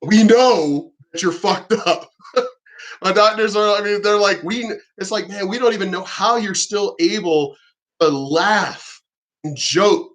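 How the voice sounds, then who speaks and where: A man's voice: high-pitched, measured pace, a bit bright. Rambling, profane middle-aged man. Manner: rambling, profane, acts out what others said. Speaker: military veteran vlogger. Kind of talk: casual monologue to camera.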